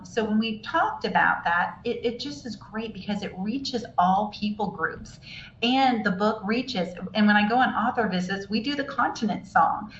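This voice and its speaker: A woman's voice: medium pitch, fairly bright tone. An older woman, a children's book author, chatting as a guest in an enthusiastic, rambling way with many restarts. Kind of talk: casual interview chat. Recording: echoey, dull, faint noise.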